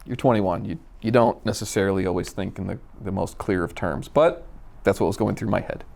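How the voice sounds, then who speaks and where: Minnesota guy telling a story, kinda low voice, acts out the back and forth. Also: brisk, gravelly. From Minnesota, USA. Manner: animated, acts out quoted dialogue. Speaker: storyteller guest. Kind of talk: casual anecdote storytelling.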